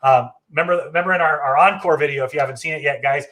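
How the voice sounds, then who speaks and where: A fairly high-voiced man talks through a travel live stream in a loose, enthusiastic way. He is chatty and often restarts his sentences and fills pauses with ums and uhs. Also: pushed and bright. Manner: chatty, enthusiastic, frequent fillers and self-corrections. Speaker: travel agency host. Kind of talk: casual live stream walkthrough.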